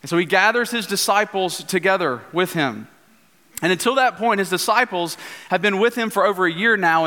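A male pastor giving an earnest sermon in a church, at times slowing into a hushed prayer. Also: high-pitched. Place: church sanctuary. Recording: church hall reverb.

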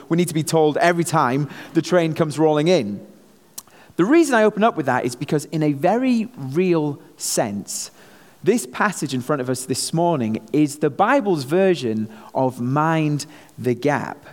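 A man with a Manchester English accent preaches a sermon as a visiting missionary pastor, slipping light jokes between his points. His voice sits a little high. The sound carries a long reverb from a large hall. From England.

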